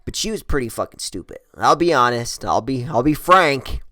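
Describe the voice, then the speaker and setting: A man's voice: medium pitch, lively intonation, moderate pace, pushed and bright, no echo. Crude, rambling man telling stories. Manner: profane, rambling, crude humor. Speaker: storyteller. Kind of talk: casual storytelling.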